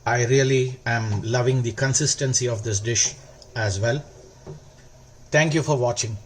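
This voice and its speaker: A man hosting a cooking demonstration, explaining each step calmly and stretching words for emphasis. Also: medium pitch, a little slow, slight background noise. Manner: calm, step-by-step instructional. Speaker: cooking channel host.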